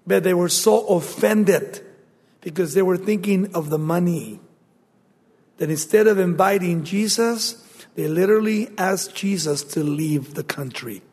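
Preacher, male, high voice, emphatic delivery that drops to a hush, heard in a long-reverb hall. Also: a little slow. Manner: emphatic, swings from loud to hushed. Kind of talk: sermon.

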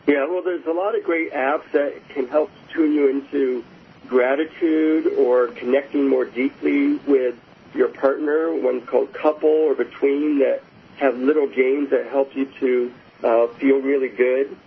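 A man's voice: medium pitch, fairly even intonation, measured pace, vocal fry. A man guest talking casually and enthusiastically in an interview, telling anecdotes with frequent restarts. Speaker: guest author. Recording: phone-like line with faint hiss.

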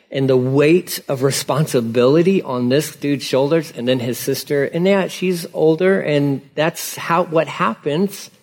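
A male pastor preaches a sermon in a casual, conversational style, acting out dialogue with lively emphasis. His voice sits on the high side.

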